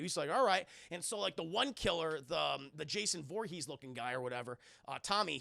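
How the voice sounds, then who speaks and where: A young man recapping a horror film scene by scene for his live chat, swearing freely and loudly acting out the characters' lines. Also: fairly high pitch, creaky, dry recording, clean studio sound. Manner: profane, excitable, acts out quotes in loud voices. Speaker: streamer reviewing a film.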